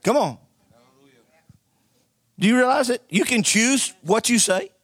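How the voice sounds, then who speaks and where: High, bright-voiced preacher man. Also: expressive, unhurried, slightly rough, dry recording. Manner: call-and-response preaching, folksy storytelling. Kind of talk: sermon.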